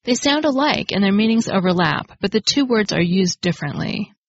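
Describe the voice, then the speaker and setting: A woman hosting a podcast, reading a scripted grammar lesson in a clear, explanatory way and stressing the key words. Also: medium pitch, animated, a little fast, no echo. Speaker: podcast host. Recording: dry, slightly dull lo-fi studio recording.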